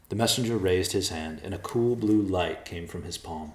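A man narrating a fantasy story in a steady, measured reading. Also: low voice, roomy sound.

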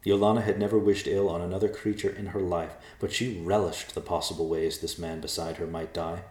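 Deep-voiced male storyteller, echoey room. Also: fairly even intonation, a little fast, darkish tone. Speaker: narrator. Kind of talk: storybook narration.

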